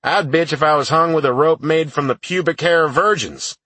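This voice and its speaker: A gruff, sarcastic older army sergeant, put on by a male audiobook narrator, barks out dry retorts. The voice sits noticeably higher than the reader's own, with a husky edge. It is recorded close and dry, with no room sound. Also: animated, unhurried, bright, forceful tone, dry recording, full character voice. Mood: grumbling. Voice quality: gruff, barking. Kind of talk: audiobook character voice.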